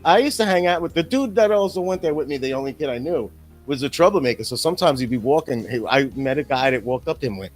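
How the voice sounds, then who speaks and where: Man in his fifties, podcast co-host, rambling profane storyteller, slightly high voice, faint music behind. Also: lively intonation, quick pace. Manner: rambling, profane, acts out quotes. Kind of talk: casual chat, storytelling.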